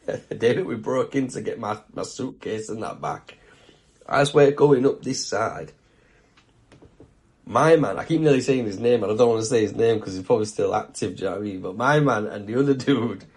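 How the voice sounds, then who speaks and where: A man's voice: fairly low pitch, a little mellow. A young man hosting his own show, telling a story in a blunt, casual way, swearing freely and often checking that the listener follows. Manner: blunt, swears a lot, keeps asking "do you know what I mean". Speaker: video show host.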